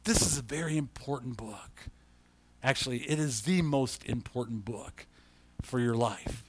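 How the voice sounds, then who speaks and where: A pastor preaching in a conversational way, reading scripture aloud and rising to loud emphasis. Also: male voice, mid-range voice, a little slow. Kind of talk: sermon.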